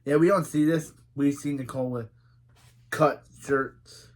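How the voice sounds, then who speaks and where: A man hosting a reaction video who recaps a TV episode in an animated, indignant way. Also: mid-range voice, unhurried. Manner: indignant, animated, retells dialogue.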